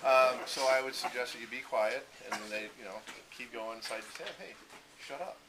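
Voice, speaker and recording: A man's voice: mid-range voice, level tone, brisk. A man speaking as junior varsity coach at a banquet, telling stories and acting out quotes from his players. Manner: storytelling, acts out players and himself. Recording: noisy room recording.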